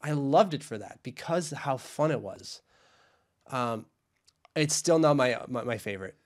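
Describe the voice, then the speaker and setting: A man's voice: mid-range voice, lively intonation, measured pace. A young man co-hosting a casual hockey podcast, chatty and enthusiastic, often repeating himself. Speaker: podcast co-host. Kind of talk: casual chat.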